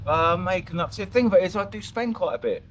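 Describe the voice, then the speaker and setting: A man's voice: sits high, expressive, very fast, a little hiss or hum. An English man with a Norwich accent chatting in a casual interview, rambling and laughing with many restarts. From England. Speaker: vlogger, interview guest. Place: outdoors at a lakeside park.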